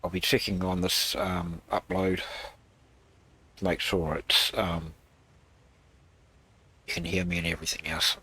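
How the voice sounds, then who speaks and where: A man hosting a gaming channel, casually talking through his game build in a rambling, halting way with many fillers. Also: low-pitched, flat delivery, pushed and bright, husky. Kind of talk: casual gameplay walkthrough.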